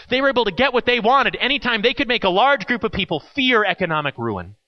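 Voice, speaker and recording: A man preaching a sermon, telling a story with acted quotes and dramatic pauses. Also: high-pitched, muffled recording. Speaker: pastor.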